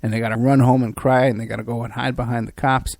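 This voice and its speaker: A man's voice: medium pitch, flat delivery, fast, a little mellow, no room sound. A man hosting a podcast who also works as a private investigator. He talks in a rambling, sarcastic way, with many fillers and restarts. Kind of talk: casual mocking commentary.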